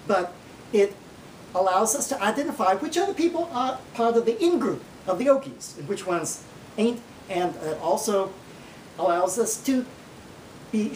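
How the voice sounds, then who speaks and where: A man's voice: high voice, darkish tone, recorded from a distance, a little hiss or hum. A man playing Charles Darwin as a folksy Oklahoma man, giving a comic mock lecture with an Oklahoma accent and a drawling, point-by-point manner, recorded in a roomy space away from the mic.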